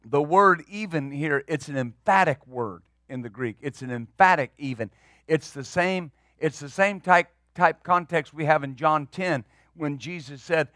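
A man's voice: on the high side, fairly bright tone, no echo, clean studio sound. A man preaching as pastor, emphatic and building in bursts, often repeating words as he drives a point home. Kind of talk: sermon.

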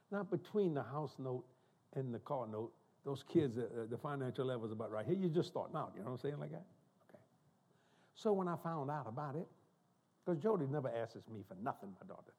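An older man preaching a sermon, telling folksy, humorous family stories in an animated way. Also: medium pitch, husky. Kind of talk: storytelling sermon. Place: church.

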